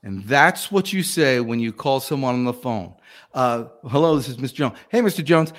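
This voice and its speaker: A man's voice: medium pitch, normal speed. A man, a sales coach talking animatedly and acting out phone calls in a guest interview. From Southern United States. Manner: lively, acts out phone calls in different voices.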